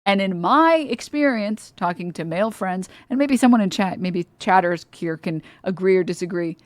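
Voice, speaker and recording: Woman streamer, incredulous profane rant, middle pitch, dry close sound. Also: expressive, moderate pace, no room sound. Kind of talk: live-stream reaction commentary.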